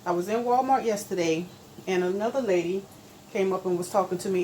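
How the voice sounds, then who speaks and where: A middle-aged woman, chatting homey and relaxed to viewers as she cooks in her kitchen. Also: on the low side, slight background noise, rough recording. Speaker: cooking channel host. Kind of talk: casual cooking vlog chat. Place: home kitchen.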